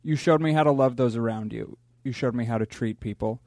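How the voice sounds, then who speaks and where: Comedian, mid-pitched man, dry close sound, earnest letter reading. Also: a little fast, darkish tone, dry recording. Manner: earnest and heartfelt.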